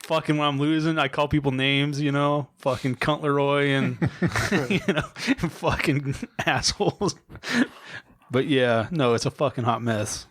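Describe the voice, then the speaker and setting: A man's voice: medium pitch, unhurried. A man co-hosting a comedy podcast, chatting casually with lots of swearing and laughter. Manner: profane, animated, laughs often. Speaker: podcast co-host.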